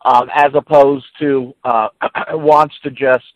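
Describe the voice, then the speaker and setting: A man's voice: medium pitch, little pitch movement, slow, no room sound, lo-fi sound. A man co-hosting a casual podcast, talking hesitantly and stopping often to search for words. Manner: hesitant, many fillers and restarts. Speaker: podcast co-host.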